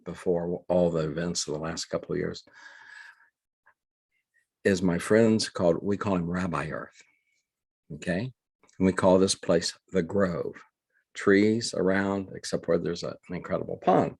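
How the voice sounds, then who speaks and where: An older man, telling a long personal story as an interview guest in an earnest, halting way with many restarts. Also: low voice, vocal fry, a little mellow, breathy edge, no room sound. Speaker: guest, reverend. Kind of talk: conversational storytelling.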